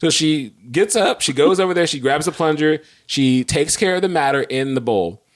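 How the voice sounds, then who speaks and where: A man's voice: fairly high pitch, normal speed. A man co-hosting a podcast, telling a story in casual chat and acting out his own outrage with self-mocking humor. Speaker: podcast co-host.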